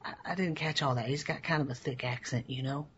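A man's voice: mid-range voice, steady tone, fast, fairly bright tone, husky, highs cut off. A man voicing a folksy, rambling small-town police officer who stammers and misses the point. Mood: earnest.

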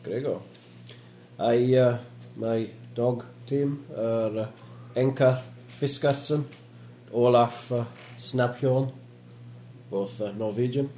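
A man voicing a friendly Polish sled dog chief who talks slowly, with a Polish accent and many pauses. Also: medium pitch, steady tone, dark tone, roomy sound, a little hiss or hum, close to an everyday voice. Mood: halting. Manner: halting, slow, with many pauses.

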